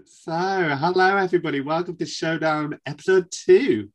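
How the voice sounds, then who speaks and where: A man's voice: fairly high pitch, normal speed. A man with a Northern English accent hosting a casual panel chat about theatre, chatty and laughing easily. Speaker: podcast host.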